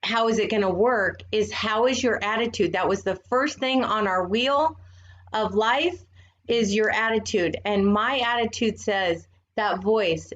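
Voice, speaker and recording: A woman's voice: medium pitch, measured pace, a bit bright, lo-fi sound. An older woman co-hosting a podcast, speaking earnestly and with feeling in casual chat. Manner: earnest, emotional. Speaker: podcast co-host.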